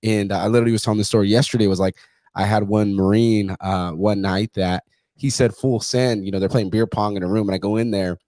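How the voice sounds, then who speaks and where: A man's voice: fairly low pitch, fairly even intonation, fairly quick, dark tone, no echo. A man hosting a podcast, telling stories in a casual, blunt way full of swearing and acted-out quotes. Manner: profane, blunt, swears constantly; acts out other voices in his stories. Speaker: podcast host. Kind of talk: casual storytelling chat.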